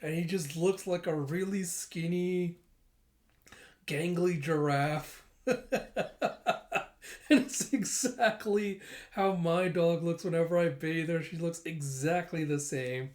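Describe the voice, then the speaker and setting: A manga reader narrating a comic chapter casually, animated and giggly, reading out sound effects. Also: medium pitch, slow pace, long pauses. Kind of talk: casual comic read-through.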